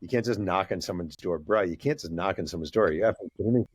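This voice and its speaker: A man's voice: low-pitched, fast talker, slightly rough, no echo, clean studio sound. A man putting on the voice of an irritated big male ex-athlete who answers the door bluntly and repeats himself.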